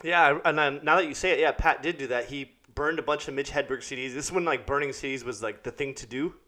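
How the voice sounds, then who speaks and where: A man's voice: mid-range voice, quick pace, pushed and bright. A man, a stand-up comedian, chatting in a casual podcast, telling stories animatedly and laughing often.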